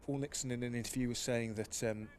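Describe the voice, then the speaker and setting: A man giving expert analysis as co-commentator on a live cricket broadcast, measured and thoughtful. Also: mid-range voice, fairly even intonation, a little hiss or hum.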